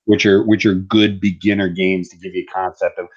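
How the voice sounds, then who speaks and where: A man's voice: low-pitched, flat delivery, brisk. A man in a casual chat, helpfully explaining beginner games. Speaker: guest answering questions on war games. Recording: dull lo-fi audio.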